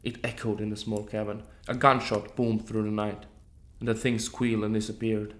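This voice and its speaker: A man narrating a horror story in a steady, scripted storytelling manner. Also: on the low side, moderate pace.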